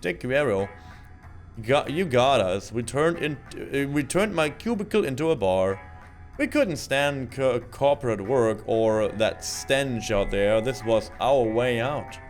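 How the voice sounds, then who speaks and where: A man voicing a loud, cheery male office-bar owner in a video game, with an exaggerated sing-song delivery. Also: mid-range voice, expressive, measured pace, faint music behind, lightly acted.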